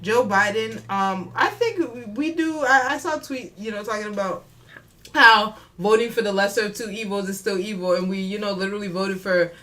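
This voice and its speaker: A woman co-hosting a podcast, chatting casually about politics, animated, swearing and laughing often. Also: mid-range voice, brisk. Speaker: podcast co-host.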